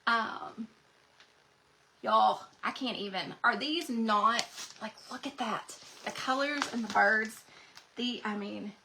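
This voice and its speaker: A woman hosting a craft livestream, gushing excitedly to her viewers as she shows off new transfers. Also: fairly high pitch, slow pace, long pauses, a little hiss or hum. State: recovering from being sick. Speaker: craft channel host.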